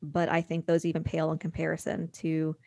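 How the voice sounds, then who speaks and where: A middle-aged woman speaking candidly as a guest, halting and restarting, sometimes acting out what others said. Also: low-pitched, completely flat delivery, creaky, darkish tone, no echo, clean studio sound. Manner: candid, halting with restarts, acts out quoted voices. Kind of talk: conversational podcast interview.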